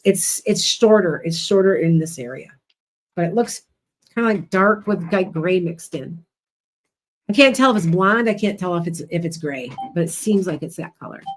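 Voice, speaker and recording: On a casual livestream, a woman with a Midwestern Chicago accent gives viewers blunt, rambling psychic readings. Her voice sits fairly low and is expressive, moving at a normal speed.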